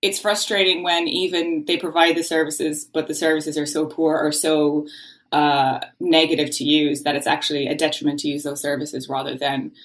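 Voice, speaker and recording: A young woman with an Irish accent and a low, deep-set voice speaks as a podcast guest. She is frank and thoughtful, pausing on ums and restarting sentences as she works through her points. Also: little pitch movement. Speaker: guest, law PhD candidate. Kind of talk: casual interview chat.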